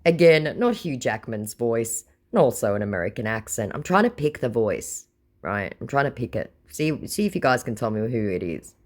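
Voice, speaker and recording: A woman's voice: rumbling low, very animated, normal speed, a little mellow. An Australian woman hosting a scam-baiting channel, chatting casually and sarcastically as she reads out chat messages, blunt and swearing freely.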